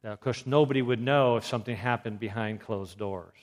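Man, health talk, storytelling, animated delivery, acts out quotes. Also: medium pitch, fairly quick.

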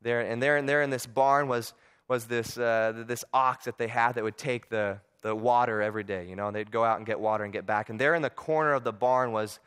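Smooth-voiced man telling a sermon story. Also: medium pitch, fairly even intonation, brisk, a bit bright. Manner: earnest, repeats words often. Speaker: preacher.

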